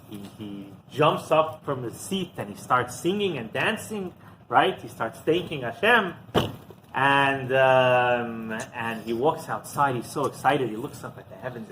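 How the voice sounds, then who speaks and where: A man's voice: mid-range voice, measured pace, noisy background. A man who is a rabbi telling a story in a sermon, acting out the dialogue. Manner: animated storyteller, acts out dialogue.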